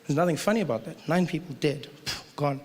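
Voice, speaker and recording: A man doing stand-up comedy in a conversational, animated way. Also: a little high, fast. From South Africa. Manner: conversational, animated, acts out voices. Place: large live venue with audience. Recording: live hall with crowd noise.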